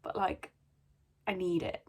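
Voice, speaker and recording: A young book vlogger with a darkish voice and a measured pace chats casually about what she's been reading. She rambles with plenty of ums and is a bit sneezy.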